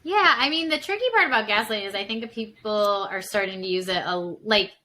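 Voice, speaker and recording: A woman's voice: mid-range voice, fairly quick, pushed and bright, low-quality recording. A woman psychotherapist talking casually as a podcast guest, full of fillers and acting out examples as she explains. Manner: chatty, many fillers, acts out examples.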